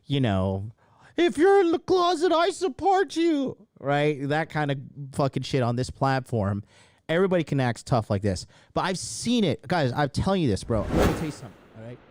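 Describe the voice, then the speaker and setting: A man's voice: medium pitch, darkish tone, no echo, studio quality. A male podcast host telling a story with heavy swearing, in a profane and emphatic way. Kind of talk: reaction commentary.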